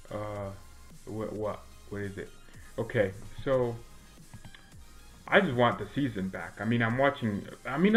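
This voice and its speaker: Rambling teenage guy with faint music behind. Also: fairly low pitch. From United States. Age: teens. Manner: rambling, many restarts and fillers. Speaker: gaming streamer and fan commentator. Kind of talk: casual chat while playing a video game.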